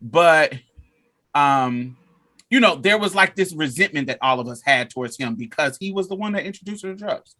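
A man in his forties telling a personal story in a casual chat, animated and laughing often. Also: on the high side, moderate pace. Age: 40s.

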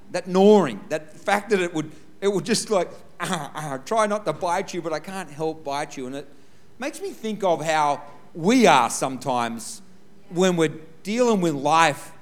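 A male pastor preaching a sermon through a personal story, conversational and humorous, often saying "listen". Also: fairly high pitch.

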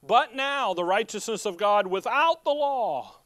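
A man preaching a sermon, folksy and emphatic, firing rhetorical questions at his listeners as he works through scripture. His voice sits a little high for a man and comes across smooth and resonant. The sound is dry and close, with no room around it. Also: animated, unhurried, fairly bright tone, dry recording. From Midwestern United States. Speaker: pastor.

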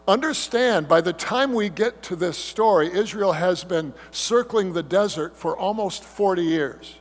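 High-voiced pastor preaching in a hall. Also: male voice. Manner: animated storytelling, mimics whiny grumbling voices. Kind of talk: sermon. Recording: hum with long hall reverb.

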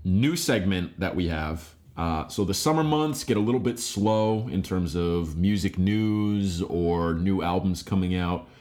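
A man's voice: low-pitched, a little mellow. A young man co-hosting a music podcast, laid-back and blunt, swearing casually. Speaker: podcast co-host. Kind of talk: casual chat.

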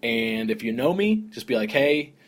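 A young man hosting a solo podcast, rambling casually with lots of "like" and "dude", in a relaxed, conversational way. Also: medium pitch, moderate pace, breathy edge. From American South. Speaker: podcast host.

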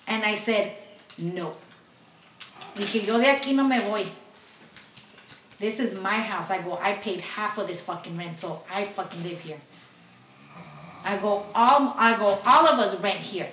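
Casually telling friends about something that happened to her, a young woman curses a lot and slides between Spanish and English. Her medium-pitched, slightly bright voice moves at a measured pace with long pauses. She's off-mic in an echoey room with faint noise.

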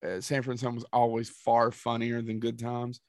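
A man's voice: medium pitch, monotone, normal speed, dry recording, studio quality. A man co-hosting a podcast, chatting casually in a rambling, tangential way with some profanity. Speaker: podcast co-host. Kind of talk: casual chat.

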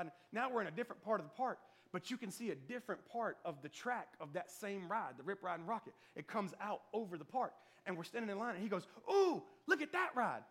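A man preaching a sermon, telling a lively personal story and acting out the voices of the people in it. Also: sits high. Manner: storytelling, animated, acts out quoted voices. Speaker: pastor.

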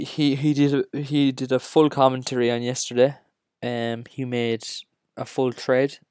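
An Irish man with a Cork accent hosting a solo podcast, ranting and joking in an excitable, casual way. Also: mid-range voice, clean tone, dry recording, clean studio sound. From Ireland. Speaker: podcast host.

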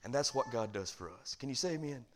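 A man pastor preaching a sermon, animated and calling for amens. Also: medium pitch, fast. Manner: animated preaching, calls for amen.

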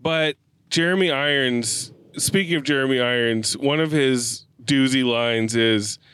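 A man in casual podcast chat about a film, talking with lively energy and bursting into laughter as he retells scenes. His voice sits at a middle pitch and sounds close and dry, with no room around it. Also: measured pace, smooth, dry recording. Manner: animated, laughing, profane. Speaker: podcast co-host. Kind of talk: casual movie review chat.

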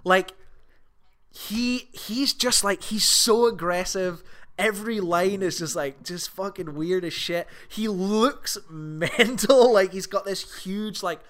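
A man co-hosting a casual film podcast, rambling and excitable, swearing often as he talks. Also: high voice, slow. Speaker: podcast co-host.

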